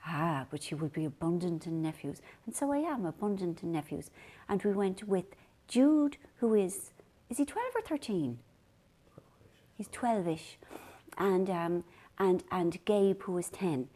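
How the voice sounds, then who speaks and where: An Irish woman hosts her own video chat in a warm, mellow voice. She wanders from one story to the next and pokes fun at herself, keeping an easy, middling pitch throughout. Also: animated, unhurried. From Ireland. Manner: rambling, self-deprecating storytelling. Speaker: vlog host. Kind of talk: casual chat to camera.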